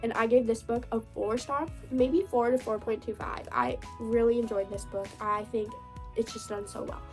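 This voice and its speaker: A woman with a fairly high voice chats about her reading in a casual, enthusiastic way, often restarting her sentences as she thinks aloud. Faint music plays softly behind her. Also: fairly even intonation, normal speed. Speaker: book vlogger. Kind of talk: casual book review chat.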